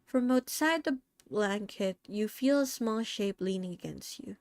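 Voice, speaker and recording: A young woman gently reading a second-person story as a VTuber storyteller, soft and slightly halting. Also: mid-range voice, expressive, no room sound, clean studio sound. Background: soft background music.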